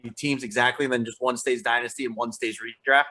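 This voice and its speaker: A man's voice: medium pitch, fairly even intonation, fast, pushed and bright. A man co-hosting a podcast in casual chat, often restarting his sentences with stammers and laughing easily. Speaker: podcast co-host.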